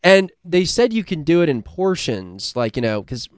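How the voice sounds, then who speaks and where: A man from the United States hosts a podcast in loose, profane chat, rambling and laughing as he tells stories. His voice is smooth and resonant. The sound is dry and close. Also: a little high, big pitch swings, moderate pace, no echo. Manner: rambling, swearing, laughing, acting out bits. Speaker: podcast co-host. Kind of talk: casual crude chat.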